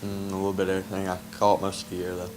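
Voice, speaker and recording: A teenage boy, relaxed and mumbling slightly while chewing gum. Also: sits low, racing, over music. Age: teens. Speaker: student guest.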